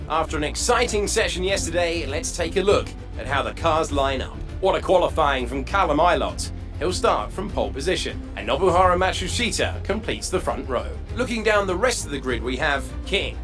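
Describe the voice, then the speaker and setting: Game broadcast: slick male race presenter, upbeat, music bed under. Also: on the high side. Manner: smooth, enthusiastic presenter delivery. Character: polished male motorsport TV presenter. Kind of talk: scripted broadcast commentary.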